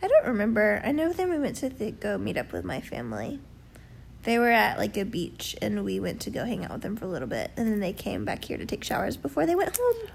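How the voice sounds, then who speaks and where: A woman's voice: mid-range voice, wildly swooping pitch, creaky, slight background noise. A young woman chatting casually and playfully, joking and giggling as she recaps a church trip. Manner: playful, giggly, quick to joke. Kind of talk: casual chat.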